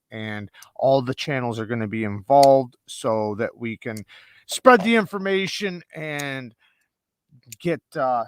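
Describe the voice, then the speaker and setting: A man's voice: mid-range voice, a little hiss or hum. Laid-back profane man hosting a stream. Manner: loose, profane, upbeat announcer of giveaways. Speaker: livestream host. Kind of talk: casual chat.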